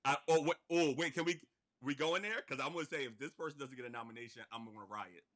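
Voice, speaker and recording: A man in a relaxed movie review chat with an ordinary mid-range voice. He gets animated and laughs often, then drifts into quieter asides. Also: mid-range voice, quick pace. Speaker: podcast co-host.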